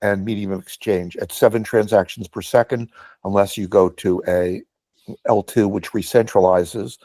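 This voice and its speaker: A man's voice: fairly low pitch, steady tone, normal speed, mellow, no room sound. A man in a meeting discussion, making his points emphatically and stressing key words. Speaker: meeting participant. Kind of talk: discussion comment.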